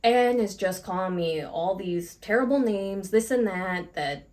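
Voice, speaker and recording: A woman co-hosting a podcast, telling a workplace story in a frank, animated way and swearing casually. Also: medium pitch, unhurried. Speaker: podcast co-host.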